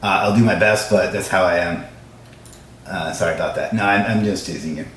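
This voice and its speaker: A man hosting a live stream, chatting casually with viewers in a fast, joking, self-mocking way, in a room with echo. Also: sits low, fairly bright tone, slight background noise. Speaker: livestream host. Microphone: livestream camera setup. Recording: echoey room sound.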